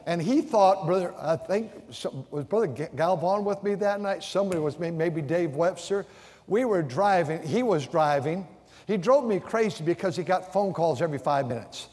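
Man, pastor, sermon, slightly high voice, restarts and repeats words, long church reverb. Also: lively intonation, moderate pace, a little mellow. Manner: storytelling with vivid acted-out quotes. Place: church sanctuary.

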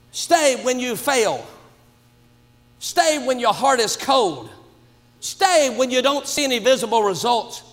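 A man delivers a sermon with fervour, punching his points and rising often into shouts. His voice sits very high for a man, and a long hall reverb trails every phrase, as in a large church. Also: animated, takes it slowly. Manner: emphatic, swings to shouts. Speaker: preacher.

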